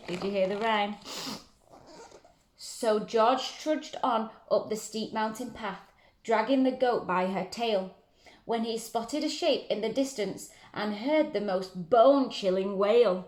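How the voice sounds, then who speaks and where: A woman reading a picture book aloud to children, gently asking them questions and praising them. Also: medium pitch, slow. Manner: gentle, encouraging questions to listeners. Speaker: story reader for children. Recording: roomy echo.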